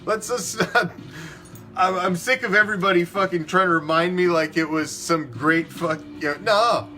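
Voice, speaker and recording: A man's voice: high voice, normal speed, sharp tone, soft background music. A man hosting a fan sports show, ranting emphatically and swearing a lot. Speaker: fan podcast host. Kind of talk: opinionated sports talk rant.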